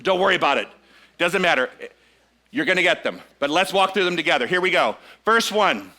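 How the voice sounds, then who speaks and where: Preaching to his live congregation in a church sanctuary, a middle-aged male minister speaks fairly quickly and expressively in a high-pitched voice that sounds pushed and bright. He often checks in with the worshippers and draws them into call-and-response.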